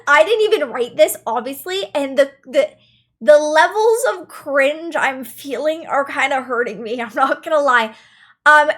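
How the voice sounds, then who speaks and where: Woman streamer, high voice, casual chatty commentary, repeats herself for emphasis. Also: fairly bright tone. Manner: chatty, repeats phrases for emphasis, addresses chat.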